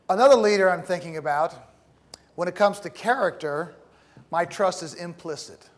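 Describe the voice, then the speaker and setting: A middle-aged man giving a classroom lecture, speaking in a measured, deliberate way with pauses and the odd repeated word. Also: on the high side, lively intonation. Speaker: teacher.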